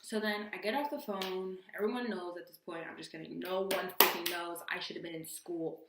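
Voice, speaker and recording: A young woman vlogger recounts a wild story in a casual, slang-filled voice. She sets her lines low and throws in jokey asides. The room around her rings with a roomy echo. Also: fairly even intonation, brisk, heavy background noise.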